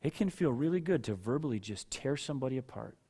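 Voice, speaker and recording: A man with a medium-pitched, slightly rough voice talks fast with lively intonation. He's a pastor and father, an adult with children, preaching a sermon conversationally, asking listeners questions by name and rising at times into loud rhetorical outbursts for emphasis.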